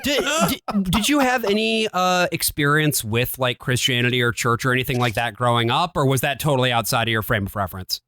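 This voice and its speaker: A man's voice: medium pitch, expressive, a little fast, few pauses, sharp tone, clear, resonant tone, no room sound. A man, an eager co-host asking questions in casual chat. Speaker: podcast co-host.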